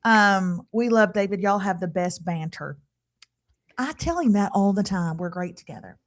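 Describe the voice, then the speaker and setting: A middle-aged woman hosting a casual live podcast, telling lively stories and mimicking people. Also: medium pitch, normal speed. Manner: animated storyteller, laughing, mimicking others. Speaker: podcast host.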